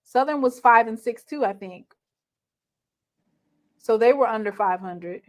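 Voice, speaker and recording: Woman sports show host, slightly high voice, probing questioner. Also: a little slow. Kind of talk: sports talk show discussion.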